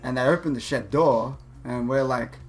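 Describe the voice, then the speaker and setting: Young guy swearing his way through a wild story mid-game, mid-pitch voice, bit of music low behind him. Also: normal speed. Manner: rambling, profane, laughing, with many restarts. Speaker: gaming channel host. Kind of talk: casual storytelling over gameplay.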